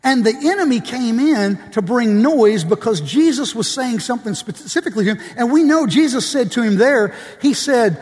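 A man's voice: very high voice, lively intonation, moderate pace, few pauses, darkish tone, in a large hall. A man preaching a sermon to a congregation, reading quotes from books aloud and putting questions to the listeners.

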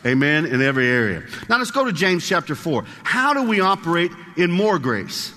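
Brief: a male preacher with a high-ish, forceful voice, chatty with the congregation, long hall reverb. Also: big pitch swings. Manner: conversational, asks the congregation questions, reads scripture slowly. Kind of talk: sermon.

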